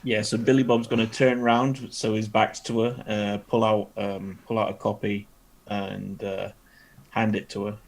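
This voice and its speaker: Hesitant man with a gravelly voice. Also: lowish voice, little pitch movement, unhurried, a little mellow. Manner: hesitant, filler-heavy. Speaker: player. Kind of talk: tabletop game play.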